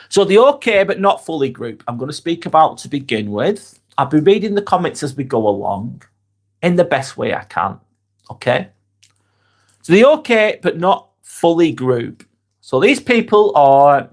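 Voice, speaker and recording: A man hosting a live stream, talking candidly and bluntly, swearing freely and reading out viewer comments as they come in. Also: medium pitch. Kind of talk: casual live-stream chat.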